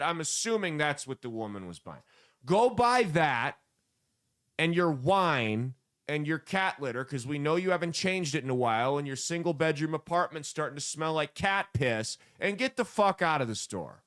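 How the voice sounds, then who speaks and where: A podcast host with a slightly high, fairly bright voice rants bluntly through casual commentary. He mocks freely and swears a lot.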